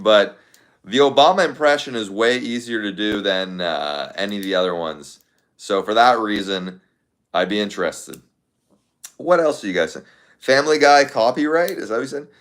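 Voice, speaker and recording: A man's voice: on the low side, expressive, normal speed, fairly bright tone. A young man casually chatting to his viewers, thinking aloud in a rambling way with lots of fillers. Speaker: content creator.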